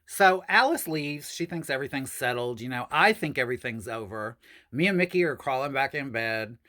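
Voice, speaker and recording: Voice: mid-range voice, lively intonation, normal speed, pushed and bright. A host telling a personal story in a casual vlog, chatty and addressing viewers as "y'all.".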